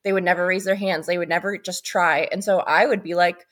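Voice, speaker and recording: A woman's voice: fairly low pitch, fairly even intonation, brisk, a bit bright. A woman co-hosting a podcast in a loose, chatty way. She rambles into tangents and swears casually as she talks. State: pregnant. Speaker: podcast co-host. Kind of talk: casual chat.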